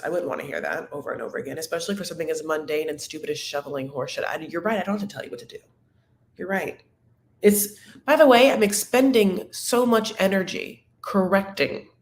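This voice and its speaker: The host of a reality TV recap show, a woman, leads a casual live chat that is rambling and candid, packed with tangents and filler words such as "like." Her voice is on the low side, fairly quick and lively in intonation, with a roomy sound.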